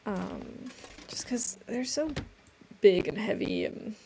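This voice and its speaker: A woman's voice: mid-range voice, lively intonation, slow, gravelly, darkish tone, slight background noise. A woman streamer giving casual let's-play commentary while she plays, chatty and rambling with a self-amused tone.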